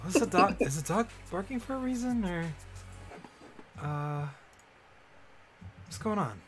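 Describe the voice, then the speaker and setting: A man's voice: high-pitched, expressive, unhurried, faint music behind, pitched above the performer's own voice. A nervous young man roused from sleep, put on by the game master. He asks his questions in a raised, anxious voice. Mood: worried.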